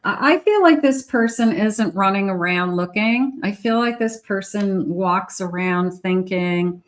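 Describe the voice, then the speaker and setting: A woman giving a casual tarot reading to camera, musing aloud in an unhurried way and talking to spirit as she pulls cards. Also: mid-range voice. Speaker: psychic tarot reader.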